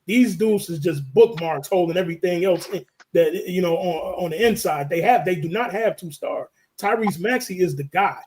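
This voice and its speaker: A man co-hosting a sports podcast, talking in loose, joking banter and telling animated stories. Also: high voice, normal speed, few pauses. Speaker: podcast co-host.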